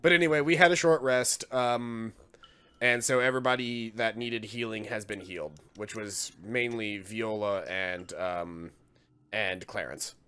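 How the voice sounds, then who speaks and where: A man's voice: on the low side, measured pace, bright, forceful tone, clear, resonant tone. A man running a tabletop game as dungeon master, joking around and laughing often.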